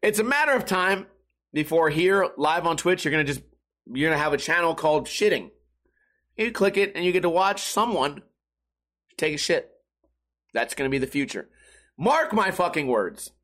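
Young man, streamer, rambling, self-mocking, profane, slightly high voice. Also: expressive, normal speed, long pauses, a bit bright. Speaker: live streamer. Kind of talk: casual monologue.

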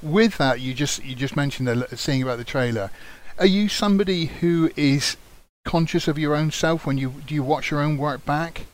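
A man hosts a casual interview, laughing often and restarting his sentences as he asks questions. His voice is a little higher than most men's. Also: moderate pace. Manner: friendly, laughs often, repeats words when starting. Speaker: interviewer, host.

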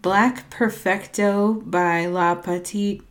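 A woman with a medium-pitched voice reads a ranked list aloud slowly and with fairly even intonation, chatting casually as she goes. She sounds hesitant, often unsure how to pronounce names and stumbling over them, and lets small asides trail off.

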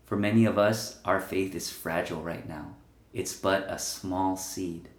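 Earnest low-voiced pastor preaching. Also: male voice, fairly even intonation, unhurried. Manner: earnest, pleading emphasis with soft trailing phrase ends. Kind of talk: sermon. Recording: roomy echo.

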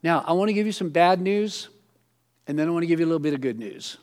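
Pastor, high-pitched male voice, loose conversational sermon delivery, animated asides. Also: quick pace. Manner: conversational preaching, many fillers and restarts; rising animated when mimicking others. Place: auditorium.

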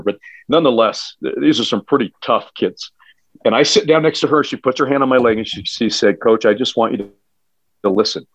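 A man, a high school football coach, telling stories in a casual podcast chat, earnest and emphatic with frequent restarts. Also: no room sound. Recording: dull, dry lo-fi sound.

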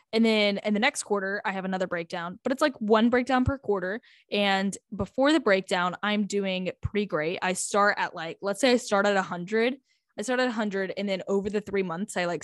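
A woman's voice: mid-range voice, dry recording. Chatty eighteen-year-old girl, dry close sound. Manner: chatty, lots of "like" and "um", laughs often. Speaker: high school student. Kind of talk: casual storytime vlog.

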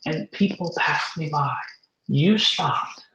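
Male guest, animated storyteller, slightly high voice, echoey and muffled call audio. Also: slow pace, slight background noise. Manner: animated, repeats and restarts words. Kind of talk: storytelling testimony.

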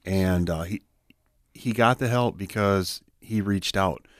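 A man's voice: deep voice, no room sound. A man working as a peer support specialist, telling a heartfelt personal story as a guest on a radio talk show. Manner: heartfelt, conversational, quick. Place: radio studio.

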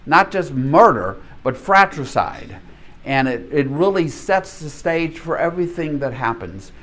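Lively older man teaching Bible class. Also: on the high side. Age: 70s. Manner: animated, chatty, quick to laugh.

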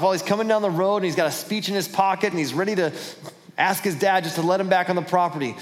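A man's voice: sits high, rapid-fire. A man preaching a sermon as pastor, retelling a story and acting out the voices of its characters. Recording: church hall with long reverb.

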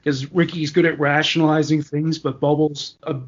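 A man co-hosting a podcast in relaxed chat, explaining and chuckling. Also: fairly high pitch, normal speed, muffled recording. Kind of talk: casual chat.

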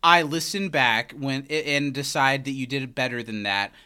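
Young man, podcast co-host, casual chat, dry jokes, bright tone, smooth clear voice. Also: mid-range voice, measured pace.

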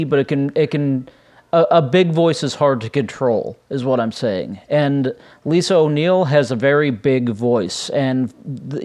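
A man's voice: fairly high pitch, darkish tone. Chatty rambling man podcasting at home. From United States. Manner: rambling, chatty, frequent fillers and restarts. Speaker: podcast host. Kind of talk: casual solo podcast chat. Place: home room with his cats.

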